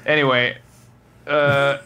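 A man's voice: a little high, sharp tone. A man co-hosting a casual podcast, delivering wry, laid-back remarks and segment intros. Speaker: podcast co-host. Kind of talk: casual chat.

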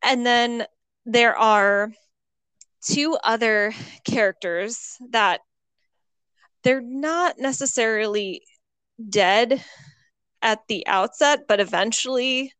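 Animated woman, dry close sound. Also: a little high, takes it slowly, long pauses, clean tone, dry recording, poor audio. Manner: animated storyteller, careful about spoilers. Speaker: podcast co-host. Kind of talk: casual chat.

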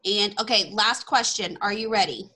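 A woman's voice: mid-range voice, normal speed, bright, forceful tone, slightly rough. A woman in her twenties from Texas, hosting a casual podcast chat, bubbly and self-deprecating, laughing often. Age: 20s. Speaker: podcast host.

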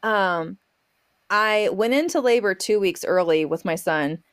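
A woman guest on a podcast tells a homestead story with gusto, slipping into voices for her own remarks and sprinkling in laughs and fillers. Her voice sits at an ordinary middle pitch. The sound is close and dry, with no room around it. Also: measured pace, clean tone, dry recording. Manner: lively storyteller who acts out her own quotes. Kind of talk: casual storytelling interview.

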